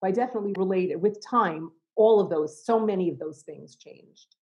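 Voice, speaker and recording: A middle-aged woman, an educator and chaplain, speaking reflectively in an interview, with many restarts and soft laughs. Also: medium pitch, normal speed, dull audio.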